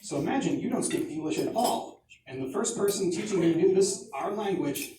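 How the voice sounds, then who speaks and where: 40s guy rambling through stand-up, self-mocking, kinda high voice, super echoey and far from the mic. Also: expressive, fairly quick, dark tone. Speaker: comedian. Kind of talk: stand-up comedy. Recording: echoey distant mic, background noise.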